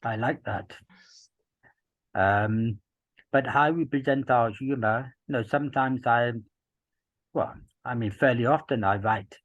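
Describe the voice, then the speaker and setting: A man in his fifties from Gloucester in England, a podcast guest talking in a measured, reflective way with many "you know"s, through earpieces. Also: medium pitch, dry recording, muffled recording. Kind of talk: casual interview chat.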